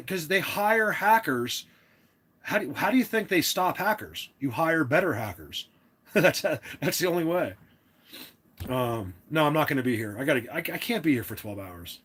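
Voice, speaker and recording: A man's voice: medium pitch, a bit bright, slightly rough. A man hosting a casual livestream, talking to his chat in an opinionated, rambling way with many restarts. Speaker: livestream host.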